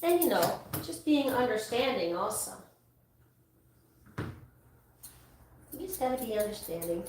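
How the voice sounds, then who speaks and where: A talkative woman grooming dogs, rambling with restarts in a fairly high voice. She sits away from the mic in a very echoey salon, with faint noise behind her. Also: a little mellow, far from the mic. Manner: rambling, chatty, full of restarts. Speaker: dog groomer. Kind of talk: casual chat while working.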